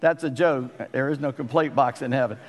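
A pastor delivers a sermon in a mid-range voice at normal speed, speaking conversationally and putting questions to the congregation. The church hall gives the recording a long reverb.

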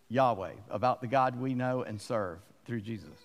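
A man's voice: medium pitch, moderate pace, creaky, hardly any pauses, big-room sound. A man preaching a sermon as a pastor, folksy and self-deprecating, telling stories between verses.

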